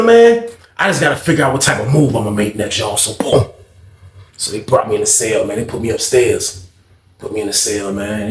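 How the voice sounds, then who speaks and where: A young man casually telling a story in slang, animated and acting out the voices of others. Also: mid-range voice, reverberant.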